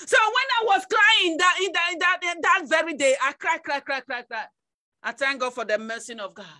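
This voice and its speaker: A woman evangelist, giving an emotional testimony sermon with repetition and sudden shouted outbursts. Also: high-pitched, brisk, dry recording.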